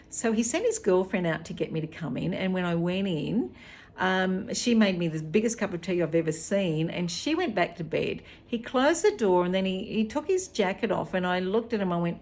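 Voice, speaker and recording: A middle-aged Australian woman recounts a personal story in a relaxed, unscripted way. Her voice sits a little low, and she talks with frequent fillers and restarts. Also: normal speed. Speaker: hypnotherapist.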